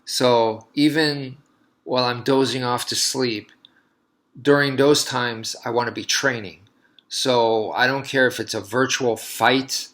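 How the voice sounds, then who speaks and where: A man's voice: medium pitch, fairly even intonation, measured pace, fairly bright tone. A man, a martial artist, talking casually and telling a long story in a loose, rambling way with many restarts.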